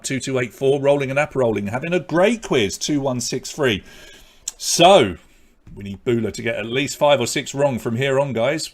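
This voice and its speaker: A man with a British accent hosting an online quiz, reading questions twice and calling out scores in a chatty way. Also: mid-range voice. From Britain. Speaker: quiz host.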